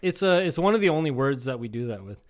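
This podcast co-host, a man from Iowa in his thirties, has a mid-range, sing-song voice and a quick pace. He spins long, rambling stories laced with profanity during casual comedy chat, often imitating people.

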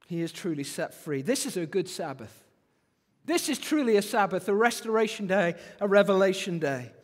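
Male preacher, very high voice, animated delivery, long reverb of a hall. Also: moderate pace. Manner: animated, rising and falling emphasis, repeats phrases for effect. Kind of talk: sermon.

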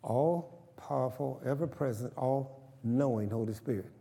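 A man's voice: medium pitch, a little slow, gravelly, dark tone, breathy edge, big-room sound. A man preaching a sermon, emphatic and calling for responses from the congregation. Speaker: pastor.

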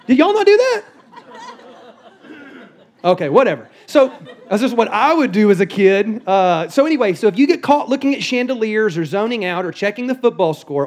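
A middle-aged man preaching as a guest pastor in a church, joking and conversational, on a stage microphone. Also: high voice. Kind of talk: sermon. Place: church sanctuary.

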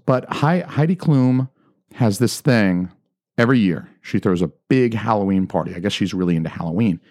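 A man with a lowish voice co-hosts a casual podcast. He talks loudly and swears often, in a joking way. The sound is dry and close, with no room echo. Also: animated, moderate pace. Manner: loud, profane, joking. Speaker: podcast co-host. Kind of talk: casual chat.

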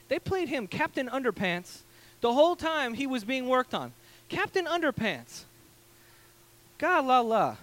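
Animated high-voiced male pastor. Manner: animated, acts out quoted voices, many fillers. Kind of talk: casual storytelling sermon. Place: church stage.

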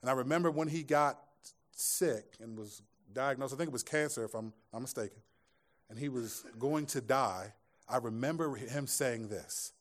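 In a church room before a live audience, a pastor delivers a conversational sermon that blends scripture with jokes and asides. He speaks at normal speed in a mid-range voice.

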